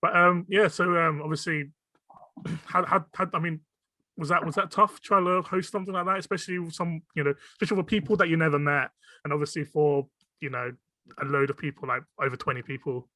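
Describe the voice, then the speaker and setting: A man hosting a casual podcast interview, asking questions in a friendly, halting way. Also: on the high side, fairly even intonation, sharp tone, dry recording. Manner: friendly, hesitant questioning with fillers. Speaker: podcast host.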